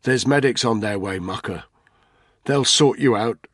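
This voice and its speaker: A man's voice: on the low side, animated, normal speed, husky, no room sound, studio quality. A man voicing a tough special forces soldier who gives clipped radio orders. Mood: steady.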